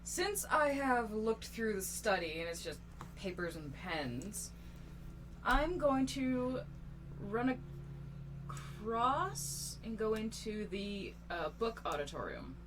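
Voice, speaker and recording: A woman's voice: mid-range voice, sing-song, background noise. A woman playing a tabletop game, amused and laughing easily as she describes her moves. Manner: drawn-out, amused, giggly delivery. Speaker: player. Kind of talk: casual tabletop play.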